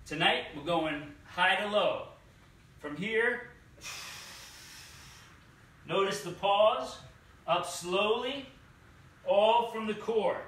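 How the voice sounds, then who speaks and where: Male fitness coach, deliberate exercise cues, recorded far from the mic in a very echoey studio. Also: high voice, fairly bright tone. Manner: slow, deliberate cueing. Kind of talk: exercise demonstration. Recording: echoey room, distant mic.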